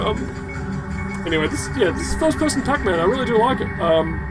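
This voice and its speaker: A young man rambles through gameplay commentary. He swears freely and stays sardonic as he drifts from topic to topic. His voice sits slightly high, and game music plays clearly beneath it. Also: poor audio. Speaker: gaming YouTuber. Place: hot room indoors.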